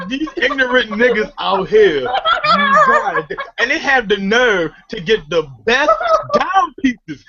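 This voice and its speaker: A man with an extremely high-pitched voice co-hosts a podcast, swearing his way through an animated comic rant full of laughter. The sound is lo-fi and very noisy.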